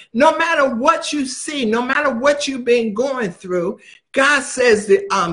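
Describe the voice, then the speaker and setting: Very high-voiced man preaching emphatically. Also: a bit bright. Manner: emphatic, repeats phrases for stress. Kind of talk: sermon.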